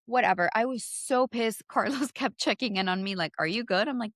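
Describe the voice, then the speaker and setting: A woman in her thirties with an accent, co-hosting a podcast and telling a story in casual chat, animated and profane, acting out both sides of phone calls. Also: on the high side, a little fast, no echo, studio quality. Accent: non-native English. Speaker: podcast co-host.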